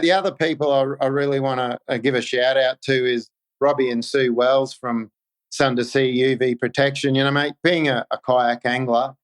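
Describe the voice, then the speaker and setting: An easygoing Australian man chats as a podcast guest, calling everyone "mate" and restarting his phrases as he goes. His voice is smooth and resonant. It sits at an ordinary pitch for a man. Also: poor audio. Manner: easygoing, says "mate" constantly, halting restarts. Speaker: podcast guest, kayak angler. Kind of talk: casual podcast chat.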